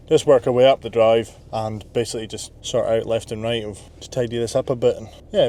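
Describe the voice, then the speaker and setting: A man's voice: mid-range voice, mellow. A man in his twenties, a landscape business owner, chatting casually as he talks through his workday outdoors. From Scotland. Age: 20s. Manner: chatty, self-talking, plans the workday aloud. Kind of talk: casual work vlog. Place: outdoors at work sites and yard.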